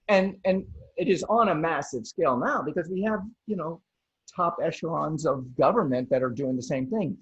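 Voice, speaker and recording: A fairly high-voiced man with a husky edge, talking in a loose, animated way full of restarts. His pitch jumps around a lot as he thinks out loud. The sound comes through a dull, lo-fi video call mic. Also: normal speed. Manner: rambling, many restarts, animated. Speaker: podcast host. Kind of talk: casual chat over video call.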